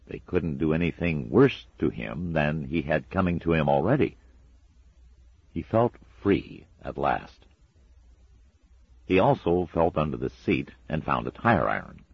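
A man narrating a storybook in a measured, dry and expressive way. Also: rumbling low, gravelly, breathy edge, no room sound, dull audio. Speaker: audiobook narrator.

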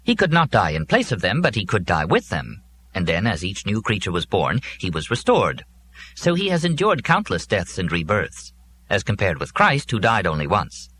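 A man's voice: on the low side, wildly swooping pitch, moderate pace, fairly bright tone, slight background noise. A man voicing a pedantic, long-winded male robot that lectures with precision. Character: fussy pedantic male robot, wordy and earnest.

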